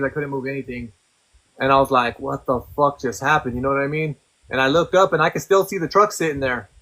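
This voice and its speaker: Young adult man, candid and coarse-spoken storyteller, forceful bright tone. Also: medium pitch, poor audio. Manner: profane, blunt, conversational. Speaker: podcast guest.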